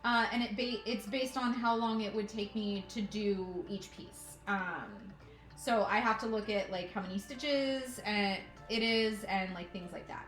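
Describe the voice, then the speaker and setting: A woman's voice: medium pitch, unhurried, a bit bright, roomy sound, faint music behind. A woman chatting casually on a live stream while she cross-stitches, often talking to her pets. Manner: chatty, talks to her pets in a cooing baby voice.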